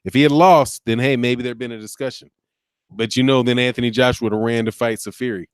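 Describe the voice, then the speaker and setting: A man hosts a loose, rambling boxing talk stream, trailing into restarts and tossing in "man" often. His voice comes through smooth and clear at a middling pitch. The sound is dry and close, with no room around it. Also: fast talker, no echo. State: sleepy, yawning. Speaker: boxing channel host. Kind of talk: casual live-stream commentary reading viewer comments.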